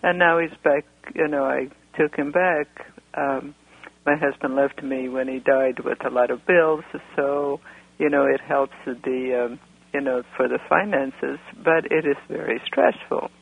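A woman's voice: extremely low pitch, measured pace, vocal fry, husky. A woman from Europe calling in to a radio show, talking in a rambling, hesitant way with many fillers. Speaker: caller. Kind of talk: phone-in conversation. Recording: tinny phone line.

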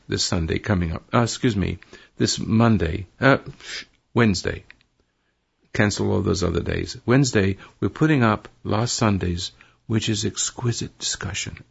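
Gravelly older man preaching on radio. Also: lowish voice. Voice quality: gravelly, husky. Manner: rambling, preachy, self-correcting. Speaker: radio talk show host. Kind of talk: advice to a caller on a call-in show. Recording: dull lo-fi radio broadcast.

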